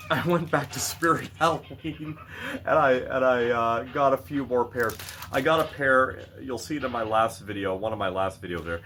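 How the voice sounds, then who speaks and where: A man's voice: mid-range voice, a bit bright, slight background noise. A middle-aged man ranting in a blunt, profane way in a vlog, laughing at himself now and then. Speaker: vlogger.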